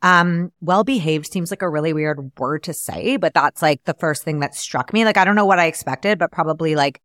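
A woman's voice: sits low, moderate pace, fairly bright tone, dry recording. Chatty woman storyteller, dry close sound. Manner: chatty, filler-heavy retelling with "like". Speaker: podcast host and math teacher. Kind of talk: casual storytelling.

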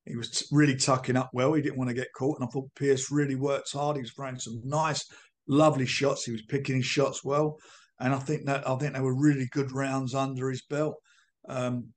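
An older man and boxing promoter answering interview questions bluntly, with emphatic repetition and a combative edge. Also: mid-range voice.

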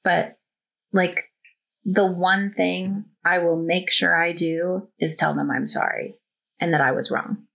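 A woman in her thirties or forties, a guest on a casual podcast, telling stories openly with plenty of fillers. Her voice is low and husky, with a gravelly fry. The sound is dull and lo-fi. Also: fairly even intonation, slow pace, a bit bright. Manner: open, storytelling, full of fillers. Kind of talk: casual conversation. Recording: dull lo-fi audio.

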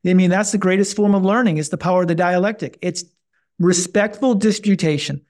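A man talking as a podcast guest, emphatic and animated, often repeating himself, and his voice jumps up when he tells a story. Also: high voice, fast talker. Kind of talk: conversational interview.

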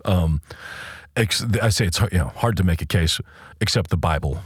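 A low-voiced man with a husky edge, co-hosting a casual faith discussion. He talks emphatically and circles back over his words as he thinks. The sound is close and dry. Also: moderate pace, no echo. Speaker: podcast co-host.

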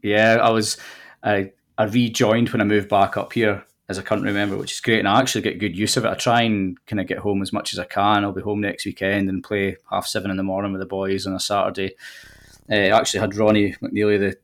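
A Scottish man in his forties talks in a low, even voice that barely rises or falls. He tells his stories in a relaxed, nostalgic way with easy fillers, like a podcast guest. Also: quick pace. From southwest Scotland. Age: 40s. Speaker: golf links manager guest. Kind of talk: casual podcast chat.

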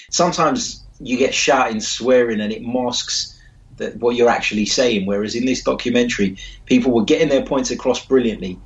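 A man co-host giving fluent, enthusiastic praise in casual football chat, on a muffled line. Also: medium pitch. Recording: muffled lo-fi audio.

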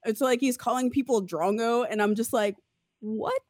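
A woman's voice: on the high side, brisk, a little mellow, no echo. Young woman co-host, casual rambling chat, lots of fillers, dry close recording. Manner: rambling, many fillers, laughs often. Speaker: podcast co-host.

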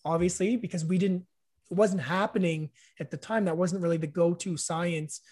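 A man's voice: high-pitched, steady tone, moderate pace, darkish tone. A man hosting a casual interview, speaking conversationally with frequent fillers. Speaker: podcast host.

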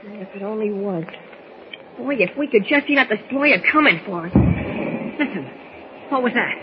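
An actor playing a plucky, excitable teenage boy sidekick, in 1940s radio acting. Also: high-pitched, unhurried. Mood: anxious. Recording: hissy dull old radio recording.

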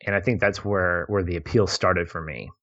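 Low-voiced man on dull lo-fi audio. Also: normal speed, a bit bright. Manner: reflective, laughs easily. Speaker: podcast co-host discussing a film. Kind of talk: casual chat.

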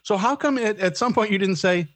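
A man co-hosting a podcast in casual chat, teasing and quick to laugh. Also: high voice, no echo. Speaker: podcast co-host.

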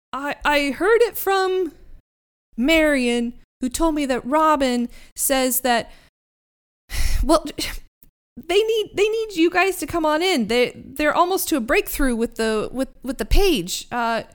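A woman voicing a goofy, cheerful male talking boat who is eager and excitable. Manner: bubbly, excitable, high-pitched.

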